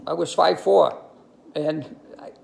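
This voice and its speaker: Gravelly older New man, halting. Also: fairly high pitch, darkish tone. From New York City. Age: 60s. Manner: halting, many ums and uhs, storytelling. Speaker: video commentator. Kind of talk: monologue to camera.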